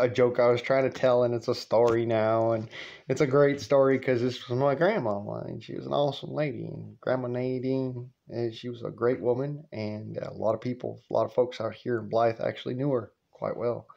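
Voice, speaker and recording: A man's voice: medium pitch, creaky, a little mellow, dull audio. A man telling a family story in a casual vlog, rambling, swearing freely and laughing often.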